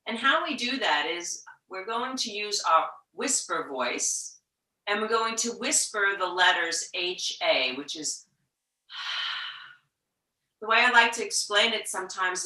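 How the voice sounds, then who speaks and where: A woman teaching a yoga class, talking slowly and gently, sometimes dropping to a whisper to show the breath. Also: mid-range voice, far from the mic. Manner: slow, gentle guiding with soft whispered breath demos. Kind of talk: guided yoga instruction. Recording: echoey room, voice from off-mic.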